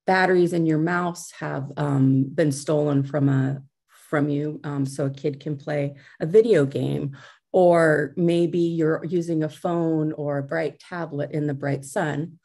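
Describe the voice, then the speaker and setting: A woman's voice: low-pitched, fairly even intonation, measured pace, creaky, warm tone, breathy edge. A middle-aged woman giving a conference talk over a video call, speaking conversationally with fillers and restarts.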